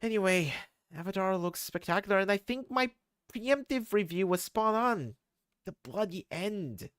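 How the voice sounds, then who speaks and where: A man's voice: high-pitched, lively intonation, moderate pace, fairly bright tone, clear, resonant tone, dry recording, clean studio sound. A man voicing an eager, old-fashioned young man who speaks in quaint British-style slang. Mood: chipper.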